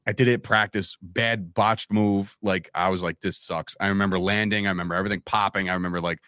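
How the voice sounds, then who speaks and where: A man in his thirties talks casually on a podcast, telling stories with animation and slipping into quoted voices. His voice sits low. The sound is close and dry. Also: fairly even intonation, fast talker, bright, forceful tone, smooth, dry recording. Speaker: podcast guest, wrestling commentator.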